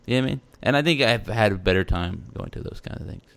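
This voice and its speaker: A man, talking casually as a podcast co-host. His voice sits very low and has a gravelly texture. He rambles loosely and mocks himself along the way. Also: expressive, fast talker, fairly bright tone. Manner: rambling, loose and self-mocking, with playful put-on quotes. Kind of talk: casual chat.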